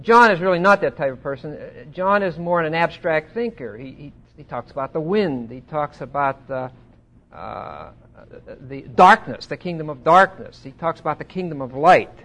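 Bible teacher, man, slightly high voice, chatty lecture that swells on scripture, asks the room questions. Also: expressive, normal speed. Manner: conversational, swelling louder on scripture quotes. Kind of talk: Bible study sermon.

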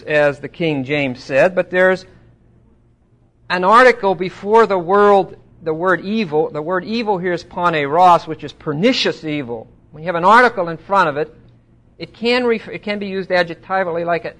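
A man teaching a Bible study in a conversational way, asking his listeners questions and getting louder when he quotes scripture. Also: fairly high pitch, moderate pace. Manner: asks the audience questions.

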